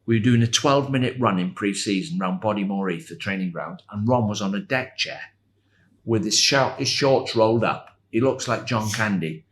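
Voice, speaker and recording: A man in his sixties, a former footballer, telling animated anecdotes as a podcast guest and laughing as he goes. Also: lowish voice, normal speed. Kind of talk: anecdotal storytelling.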